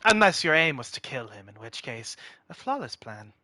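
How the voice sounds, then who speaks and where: A man's voice: mid-range voice, big pitch swings, normal speed, sharp tone, no room sound. A man playing a tabletop role-play game, talking bluntly and dryly in character. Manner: blunt, dry, matter-of-fact. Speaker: player.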